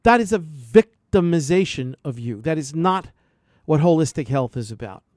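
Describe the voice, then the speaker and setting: A man's voice: fairly high pitch, lively intonation, moderate pace, a little mellow, dry recording. A man hosting a radio health show, delivering an impassioned, repetitive, preachy monologue into a studio microphone.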